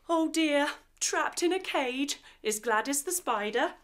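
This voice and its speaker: Animated woman telling a kids' yoga story. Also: high voice. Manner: playful, with sound effects and animal noises. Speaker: kids yoga teacher and storyteller.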